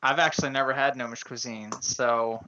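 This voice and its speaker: A man's voice: mid-range voice, steady tone, fairly quick, a crowd in the background. A man playing a tabletop game, speaking politely and a little hesitantly. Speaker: player. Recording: dull lo-fi mic.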